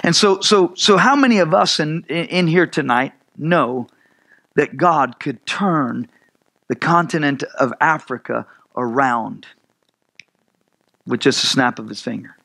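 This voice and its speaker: A man preaching a sermon as pastor, repeating phrases and building to loud emphatic peaks. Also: a little high, a little slow, gravelly, poor audio. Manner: repetitive, stammering restarts, rising to loud emphatic peaks; acts out voices of Moses and God in dialogue.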